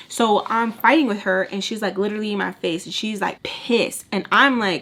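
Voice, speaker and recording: A young woman from Texas telling a casual storytime, blunt and animated, swearing and saying "like" a lot. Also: mid-range voice, normal speed, hardly any pauses. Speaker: storytime vlogger.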